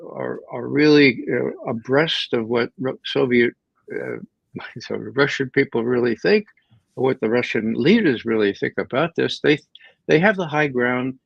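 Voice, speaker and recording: Gravelly-voiced man, emphatic guest. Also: mid-range voice, no echo, dull audio. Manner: emphatic, with frequent repeated words and restarts. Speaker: guest analyst. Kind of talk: conversational political commentary.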